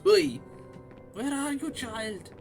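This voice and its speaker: A high, shrill housekeeper woman frets and scolds as she hunts for a lost boy, put on by a man. Her accent is a wobbly, uncertain foreign one, and her calls carry a thin, strained edge. It sounds like a video game character being improvised on the spot. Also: expressive, very slow, soft background music, full character voice. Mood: scolding.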